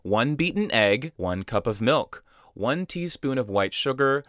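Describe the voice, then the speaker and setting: A man's voice: mid-range voice, animated, measured pace, a bit bright, dry recording, clean studio sound. A young man co-hosting a podcast, chatting casually and reading out film trivia, laid-back with some swearing. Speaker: podcast co-host. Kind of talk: casual chat about films.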